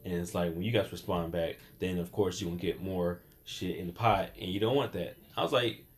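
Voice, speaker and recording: Low-voiced man in casual podcast chat. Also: brisk, a little hiss or hum. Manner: rambling, acts out quoted voices. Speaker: podcast host.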